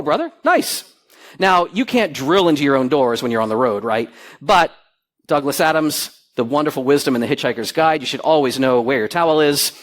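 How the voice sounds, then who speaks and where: A middle-aged man speaking on stage at a security conference, telling stories and acting out the dialogue in them. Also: mid-range voice. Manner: animated storyteller, acts out quoted dialogue. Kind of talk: lively conference talk. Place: conference hall with audience.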